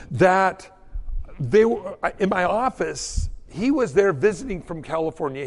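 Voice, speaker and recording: A man preaching a sermon in a church, telling folksy stories and acting out the quotes. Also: high-pitched. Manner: folksy storytelling with acted-out quotes. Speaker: pastor. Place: church sanctuary. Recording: long hall reverb.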